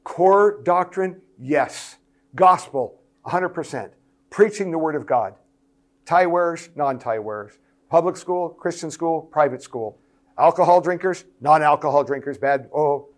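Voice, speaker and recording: A pastor addressing church leaders in an earnest, emphatic way. His voice sits a little high for a man, and he hammers points home by repeating short phrases. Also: unhurried. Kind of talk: sermon-style talk to church leaders.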